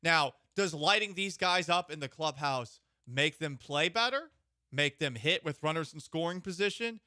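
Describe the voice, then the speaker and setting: A man co-hosting sports talk radio who puts measured, probing questions to his partner. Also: on the high side, animated, sharp tone, no echo, clean studio sound.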